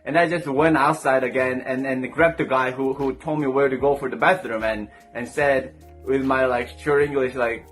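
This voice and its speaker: A man's voice: medium pitch, fairly even intonation, normal speed, fairly bright tone, faint music behind. A young man from South Korea, speaking English with a Korean accent, telling funny stories in a storytime vlog and acting out the people in them as he laughs. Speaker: vlogger.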